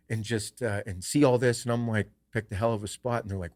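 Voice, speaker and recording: Man, low voice, podcast host, casual chat, swears a lot, rambling. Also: fairly even intonation, fast, few pauses. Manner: profane, rambling storyteller.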